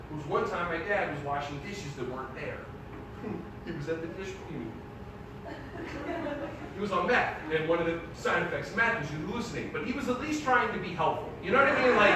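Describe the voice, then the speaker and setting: A man doing a stand-up set live on a theater stage, brash and profane, shouting his punchlines. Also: sits high, very echoey, distant mic, background noise. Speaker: stand-up comedian.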